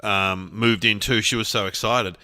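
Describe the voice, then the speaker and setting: A man's voice: fairly low pitch, steady tone, normal speed, bright, forceful tone, dry recording, clean studio sound. A middle-aged man co-hosting a podcast in casual comedic chat, a chatty storyteller who laughs often. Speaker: podcast co-host.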